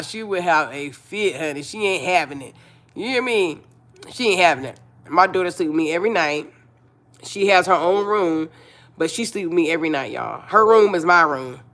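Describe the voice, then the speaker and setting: A blunt, chatty woman hosts a casual livestream, repeating herself and talking directly to viewers. Her voice is fairly low and fairly bright.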